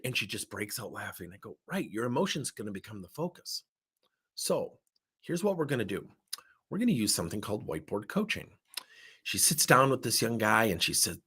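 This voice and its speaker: A man's voice: mid-range voice, a little fast, slightly rough. A man leading a coaching workshop, telling stories and acting out both sides of the dialogue in front of a whiteboard. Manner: animated, acts out quoted dialogue. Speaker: workplace coaching trainer. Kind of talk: storytelling workshop talk.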